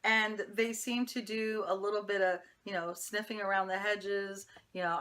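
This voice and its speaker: A woman's voice: medium pitch, normal speed, hardly any pauses, pushed and bright. A woman reviewing a TV episode, chatty and opinionated, talking straight to her viewers. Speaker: TV show reviewer. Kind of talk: casual episode recap.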